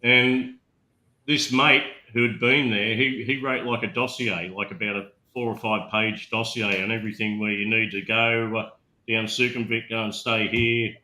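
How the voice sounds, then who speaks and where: A man's voice: on the low side, pushed and bright, echoey room, poor audio. A middle-aged man, talking bluntly and swearing freely as a guest in a casual chat.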